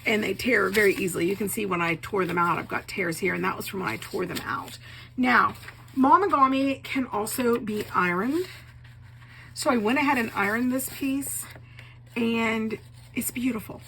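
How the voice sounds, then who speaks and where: A woman's voice: fairly high pitch, moderate pace. Enthusiastic woman, coughing, noisy room. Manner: enthusiastic, gushing, repeats praise words. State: coughing, a bit choked up. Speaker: craft vlogger, bookbinder. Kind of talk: casual show-and-tell. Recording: steady background noise.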